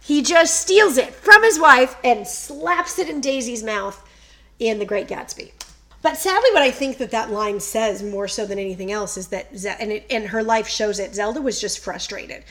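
A woman hosting a casual chat, telling a story in an animated way and reading quotes aloud playfully. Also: a little high, moderate pace. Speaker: podcast host.

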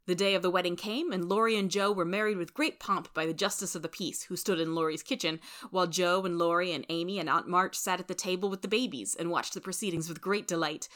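Bright-voiced woman reading a story. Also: on the low side, steady tone, fast, few pauses. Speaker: reader. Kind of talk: storybook narration.

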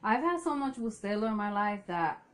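A woman hosting a casual podcast chat in an average-pitched voice. She jokes and teases her co-host, laughs often, and speaks to listeners directly. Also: lively intonation, a little fast, a bit bright. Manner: joking, teasing, laughs often.

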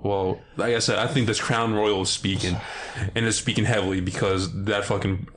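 A young man from Maryland co-hosting a podcast in casual chat, swearing a lot and jumping up in pitch when excited. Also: moderate pace, a crowd in the background. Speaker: podcast co-host.

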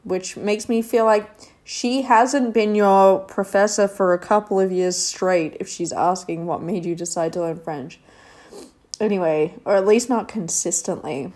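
A woman's voice: medium pitch, a little slow, a little mellow. A woman casually recapping a reality show, rambling and sarcastic, with lots of fillers.

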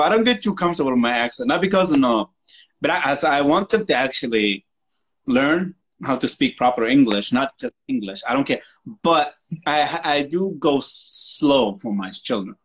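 A man's voice: medium pitch, fairly bright tone, a little hiss or hum, poor audio. A man co-hosting a casual podcast, an English teacher who talks in a joking, profane, mocking way. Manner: profane, joking, mocks accents. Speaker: podcast co-host. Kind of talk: casual chat.

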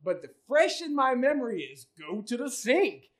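A man's voice: very high voice, very animated, moderate pace, fairly bright tone. Laughing male podcast co-host. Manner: laughs through his own story, swears freely. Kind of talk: casual storytelling chat.

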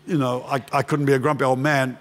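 A middle-aged man preaching a sermon as a pastor, impassioned, swinging from shouts to hushed storytelling. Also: medium pitch, flat delivery, quick pace, slight background noise. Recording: long hall reverb.

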